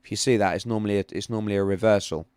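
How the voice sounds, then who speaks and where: A man's voice: fairly low pitch, fairly even intonation, racing, darkish tone, clear, resonant tone, no room sound. A man hosting a casual livestream, chatting about charts in a rambling way that repeats itself. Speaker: livestream host. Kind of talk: casual live-stream chat with chart analysis.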